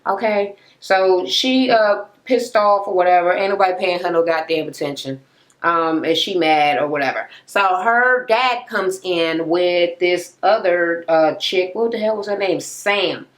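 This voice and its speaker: A young woman recapping a reality TV episode in a casual, profane rant. She acts out the people she quotes with sudden jumps in pitch, uses many fillers and laughs at the scenes. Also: unhurried. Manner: animated retelling, acting out quoted people with sharp pitch jumps.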